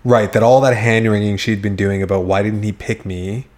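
A man's voice: fairly low pitch, steady tone, moderate pace, darkish tone. A young adult man co-hosting a podcast, chiming in with quips and swearing while recapping a TV series. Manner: quippy, chimes in with jokes and swearing. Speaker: podcast co-host. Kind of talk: casual chat recapping a TV series.

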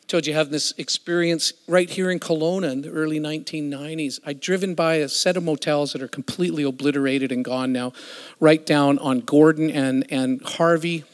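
A middle-aged man preaching a storytelling sermon, emphatic and shifting from loud to hushed, as a worship musician. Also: fairly high pitch. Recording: echoey hall reverb.

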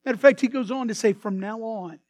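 A man preaching a sermon as pastor, swinging between hushed asides and sudden loud bursts. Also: extremely high pitch, quick pace, no echo.

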